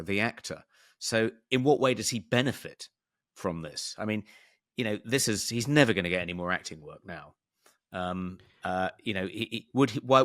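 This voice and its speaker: Low-voiced hesitant man. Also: fairly bright tone, no echo, studio quality. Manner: hesitant, many ums and restarts. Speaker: podcast co-host. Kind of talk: casual political discussion.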